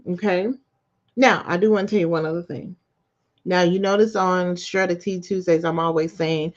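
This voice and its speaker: A woman, hosting a podcast and giving a casual, animated motivational talk with quick asides. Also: lowish voice. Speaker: podcast host. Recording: dull lo-fi recording.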